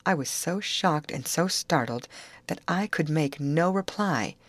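A woman narrating a classic novel aloud in a measured, earnest storytelling manner. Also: low-pitched, lively intonation, dry recording. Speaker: audiobook narrator.

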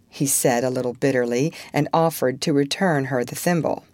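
A woman narrating a storybook in a gentle, expressive way. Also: rumbling low, moderate pace, dry recording.

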